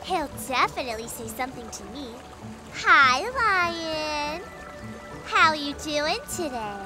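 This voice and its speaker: A woman's voice: high-pitched, lively intonation, slow pace, music in the background. A woman voicing a vain, dreamy young female cartoon giraffe with a sing-song, self-admiring manner.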